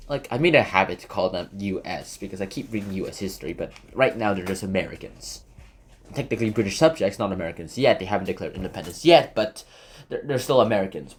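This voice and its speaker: Chatty man with a lively, swooping voice. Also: lowish voice. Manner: chatty, self-correcting, lots of fillers and asides. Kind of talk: casual history explainer.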